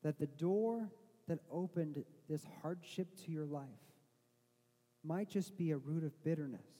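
A man preaching a sermon as pastor, moving from quiet, slow reflection to loud, emphatic preaching. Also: fairly high pitch, big-room sound. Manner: acts out a flustered parent in a put-on voice.

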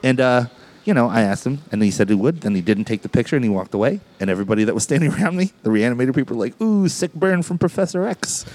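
A man's voice: mid-range voice, expressive, very fast, darkish tone. A man, co-hosting a podcast, telling jokey, boastful stories in casual chat. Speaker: podcast co-host.

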